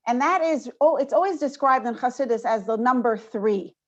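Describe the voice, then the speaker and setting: High-voiced woman moderating a video call. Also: normal speed. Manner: animated storyteller, switches voices for quoted animals. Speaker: moderator of a women's panel. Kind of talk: informal Torah talk with a joke. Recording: dull lo-fi video call audio.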